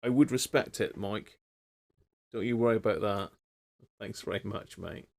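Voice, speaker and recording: A man's voice: on the low side, moderate pace, gravelly. A man hosting a live repair stream, thinking aloud in a rambling, casual way and chatting with viewers. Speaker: radio repair livestream host.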